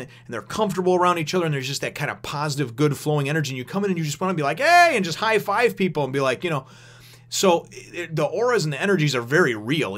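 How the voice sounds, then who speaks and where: A man with a somewhat high, slightly bright voice rambles his way through a casual manga chapter review. He swears freely and laughs often as he goes.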